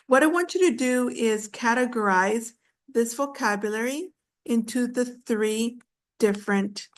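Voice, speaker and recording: A woman teaching on a video call, her voice sitting a little high. she talks slowly and patiently, drawing words out, stopping to say um and repeat herself so the class can follow along. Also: creaky. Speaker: English teacher. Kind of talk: online class teaching pronunciation.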